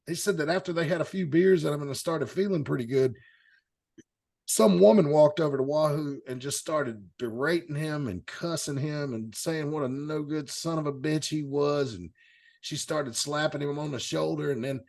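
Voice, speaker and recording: Guy with a gravelly voice hosting, just rambling through old stories, laughs now and then. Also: on the high side, normal speed, darkish tone. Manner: rambling, anecdotal, chuckling asides. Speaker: host. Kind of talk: casual storytelling chat.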